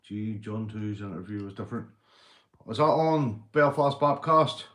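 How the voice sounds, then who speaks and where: A Northern Irish man hosting a livestream, telling crude jokes, swearing and shouting out viewers. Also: on the low side, unhurried. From Northern Ireland. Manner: rowdy, swearing, joke-telling, reading viewer comments. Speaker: livestream host. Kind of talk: casual livestream chat.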